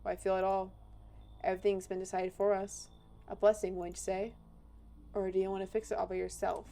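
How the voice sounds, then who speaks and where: A woman's voice: mid-range voice, level tone, gravelly, dark tone, lightly acted. Woman voicing an eerie, taunting otherworldly visitor. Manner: slow, taunting, philosophical.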